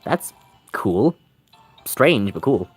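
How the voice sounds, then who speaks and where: A man's voice: lowish voice, sing-song, extremely slow, husky, faint music behind. A man streaming a game, chatting casually with his chat, rambling and joking with frequent laughter. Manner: rambling, jokey, laughs often. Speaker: gaming streamer.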